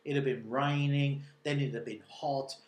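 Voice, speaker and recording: A man's voice: medium pitch, fairly even intonation, moderate pace, echoey room. A man and local news journalist telling a casual, rambling story that wanders off into asides. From Britain. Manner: rambling, digressive, chatty.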